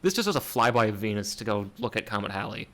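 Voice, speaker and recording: A man's voice: fairly low pitch, very animated, fast, a bit bright. A man hosting a podcast, chatting casually and jokingly about space missions, laughing often as he explains. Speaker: podcast host. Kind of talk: casual chat.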